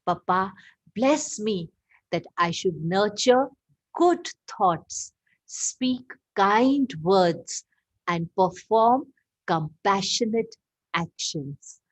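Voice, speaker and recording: An earnest little boy speaks gently and deliberately, voiced by a woman telling a story. His words come slowly and evenly at a middle pitch. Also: lively intonation.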